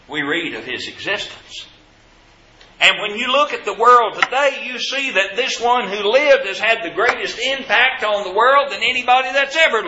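A man's voice: sits high, pushed and bright, echoey room, dull audio. A man preaching a sermon to his congregation, asking rhetorical questions with emphasis.

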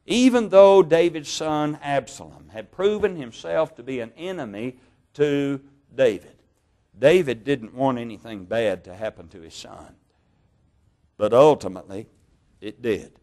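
A man preaching a sermon, reading Bible passages in a measured way, slowing down on key words and correcting his own slips. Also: medium pitch, a little mellow. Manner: measured, slow over key words, stumbles on names and corrects himself.

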